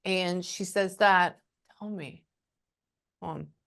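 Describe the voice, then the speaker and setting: Chatty woman medium, halting and casual. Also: lowish voice, creaky, fairly bright tone. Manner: chatty, halting, trailing off and cursing. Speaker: spiritual medium. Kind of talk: casual reading session.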